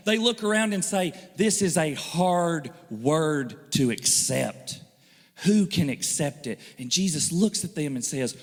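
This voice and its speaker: Animated preaching man in reverberant church. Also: high-pitched. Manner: animated, joking, acts out quoted voices. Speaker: pastor. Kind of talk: sermon. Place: church hall.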